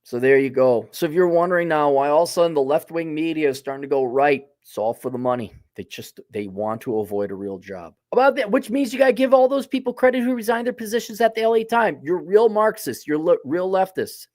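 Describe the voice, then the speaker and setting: A man holds forth in a loose solo monologue, blunt and sardonic, with plenty of profanity. His voice sits a little above the usual male pitch. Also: lively intonation, brisk, hardly any pauses, a little mellow, no room sound, clean studio sound. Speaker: host. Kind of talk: casual opinion monologue.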